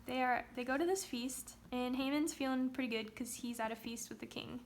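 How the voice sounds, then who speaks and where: A woman's voice: high-pitched, fairly even intonation, a little fast, slight background noise. A woman teaching Sunday school, retelling a story in a chatty, casual way with playful asides.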